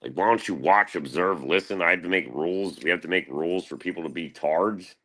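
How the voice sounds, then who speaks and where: A young man with a very low, deep voice rambles through a morning stream monologue. He swears freely and keeps referring to himself in the third person. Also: brisk, fairly bright tone. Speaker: live streamer.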